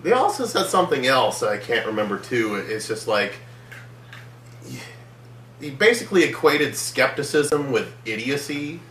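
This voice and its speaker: A man's voice: mid-range voice, sing-song, moderate pace, a bit bright, roomy sound, slight background noise. A man co-reviewing a film in casual chat who chimes in with short, dry quips. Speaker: movie reviewer, co-host.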